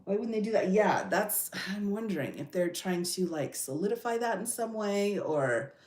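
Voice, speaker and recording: A woman hosts a casual livestream, reading bills aloud and reacting with chatty asides. Her pitch swings up and down a lot as she talks. The room around her gives a roomy echo, and her voice sits at a medium pitch. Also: very animated, normal speed, darkish tone. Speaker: legal commentary host.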